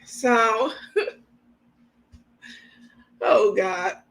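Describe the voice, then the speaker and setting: Brief: tired, rambling woman host on a casual live stream, bright and sharp tone, laughs a lot. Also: on the high side, very slow, low-quality recording. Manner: chatty, rambling, laughs often, talks straight to viewers. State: sleepy, running on no sleep.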